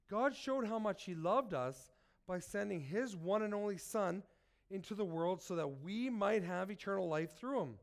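High-voiced man preaching a sermon. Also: animated, normal speed. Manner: earnest, addresses listeners directly with questions. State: sick. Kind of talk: sermon with Bible reading.

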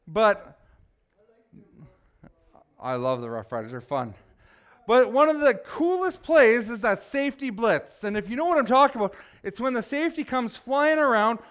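A man delivering a sermon in a very high, smooth and resonant voice. He speaks slowly and deliberately. He drops to quiet asides, then rises to loud, emphatic exhortation. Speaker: pastor.

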